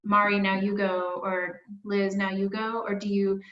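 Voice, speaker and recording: A woman's voice: mid-range voice, level tone, a little slow, far from the mic. A woman asks a follow-up question in a conversational tone over a video call. She sits back from the mic, and her voice is dull and echoey. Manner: conversational, follows up on an earlier point. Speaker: workshop participant.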